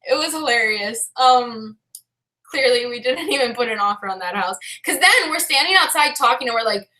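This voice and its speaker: A woman's voice: fairly high pitch, animated, moderate pace, pushed and bright, reverberant. A woman vlogger telling a story in a casual, chatty way, filling her talk with "like" and often breaking into laughter.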